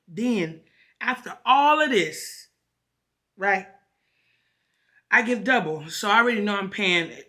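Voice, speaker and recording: A woman vlogger telling a story in an animated, profane, emphatic rant. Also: medium pitch. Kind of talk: casual ranting vlog.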